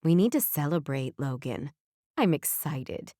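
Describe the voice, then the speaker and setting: Brash, upbeat female boss, voiced by a woman narrator; lowish pitch, dry audiobook sound. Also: expressive, measured pace, dark tone, no echo. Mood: exuberant.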